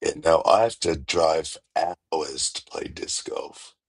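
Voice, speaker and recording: A man in casual conversation, relaxed and profane, often laughing. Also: a bass voice, takes it slowly, creaky, breathy edge, no echo. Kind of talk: casual chat.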